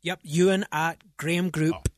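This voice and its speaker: A man's voice: a little high, fairly even intonation, a little slow, no room sound, studio quality. A man with a Scottish accent, a realtor guest chatting on a radio talk show, earnest and sales-minded, often repeating words as he goes. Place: radio studio.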